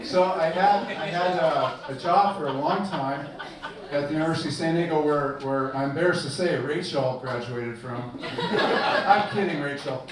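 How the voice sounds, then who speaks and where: A man's voice: a little high, normal speed, over a noisy crowd. An older man performing a self-deprecating stand-up comedy set on a club stage, with a dry delivery. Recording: echoey club with far mic and loud noise.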